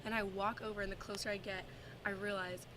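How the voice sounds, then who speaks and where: A woman's voice: mid-range voice, little pitch movement, brisk. Chatty camp counselor woman, noisy background. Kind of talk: casual anecdote to camera.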